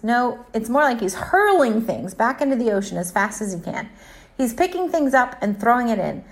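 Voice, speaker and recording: A woman, a Christian author, giving an earnest and encouraging faith talk full of rhetorical questions. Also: a little high.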